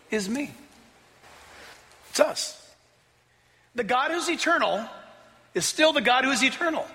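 Animated, gravelly-voiced male preacher. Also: very high voice. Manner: animated, jokey, conversational preaching. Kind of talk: sermon. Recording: long hall reverb, faint music.

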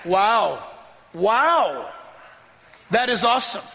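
A pastor preaching a sermon with excitable energy, often laughing and rising into shouts as he reads scripture. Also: high voice, extremely slow, creaky, slight background noise. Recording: long reverb of a large hall.

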